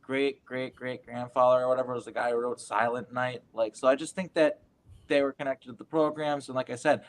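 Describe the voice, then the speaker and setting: A man's voice: medium pitch, flat delivery, fairly quick. A man in a casual round-table chat, rambling and earnest, with many fillers. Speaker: guest.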